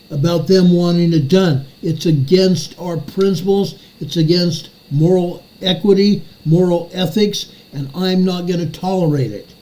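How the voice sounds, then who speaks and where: A man's voice: high-pitched, warm tone, low-quality recording. An older man hosting a commentary show, ranting furiously and repeating his phrases for emphasis. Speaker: show host.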